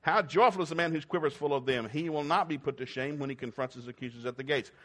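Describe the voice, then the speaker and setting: A middle-aged man preaching a sermon, folksy and joking, swinging between loud whoops and quiet talk. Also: on the high side, fast talker. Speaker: pastor.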